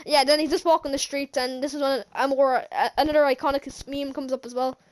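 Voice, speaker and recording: A woman's voice: sits high, steady tone, fast talker. A woman recapping a movie in a casual, rambling way, laughing often and restarting her sentences. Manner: rambling, giggly, many restarts. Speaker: movie reviewer.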